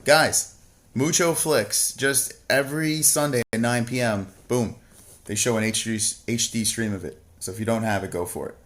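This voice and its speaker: A livestream co-host reads viewers' chat messages out loud and answers them on the spot, swearing nearly constantly. He's a man with a typical mid-range male pitch who talks at a moderate pace, sliding from mocking side comments into loud, exasperated rants in this casual, profane chat.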